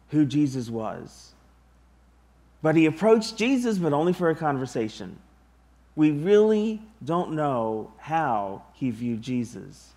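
A man preaching a sermon to his congregation, deliberate and emphatic, with long pauses. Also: fairly high pitch, darkish tone. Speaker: pastor.

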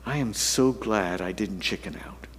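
A man, a pastor, telling a story in a sermon to his congregation, animated and self-deprecating, swinging from loud to hushed. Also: lowish voice, moderate pace, a little hiss or hum.

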